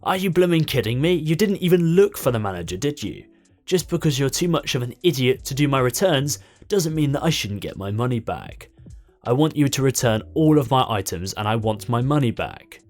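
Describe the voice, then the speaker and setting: A man's voice: fairly low pitch, big pitch swings, moderate pace, darkish tone, soft background music. A man voicing an impatient, rude older mother who speaks in a demanding, scornful way. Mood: angry.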